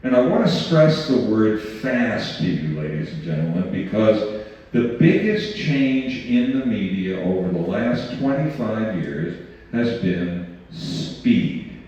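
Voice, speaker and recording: An older man with a lowish, sing-song, slightly mellow voice speaks slowly in a folksy, digressive talk about his journalism career, given to a community audience. It's a conversational lecture full of anecdotes and side remarks, held in a community meeting room. The muffled audio comes from a distant mic in a reverberant hall.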